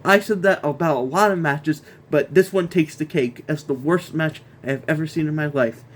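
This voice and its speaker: A man's voice: fairly high pitch, moderate pace. A man hosting a casual wrestling review, ranting in an exasperated way, repeating himself and stumbling over restarts.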